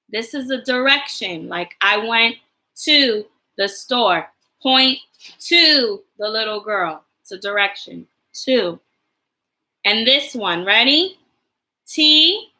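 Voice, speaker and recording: A woman teacher leading a livestreamed lesson for young children, encouraging them and spelling out words slowly for them to repeat. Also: on the high side, sharp tone, poor audio.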